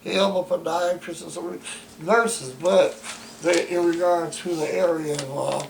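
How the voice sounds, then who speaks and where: A man's voice: a little high, steady tone, unhurried, creaky, roomy sound, a little hiss or hum, rough recording. A man at home, making an emphatic complaint in formal, wordy phrasing with many stammered restarts. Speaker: interviewee describing his care. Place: home bedroom.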